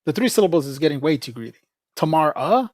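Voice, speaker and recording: A man's voice: a little high, big pitch swings, quick pace, darkish tone, no echo. Joking, rambling streamer man, dry sound. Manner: rambling, joking, laughs often, says "bro". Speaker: livestreamer. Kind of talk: casual livestream chat.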